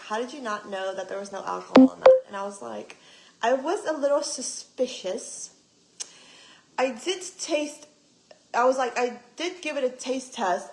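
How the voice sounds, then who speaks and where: Young woman, livestream vlogger, animated storytelling, lots of swearing, slightly high voice, echoey room. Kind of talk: casual storytelling to live chat.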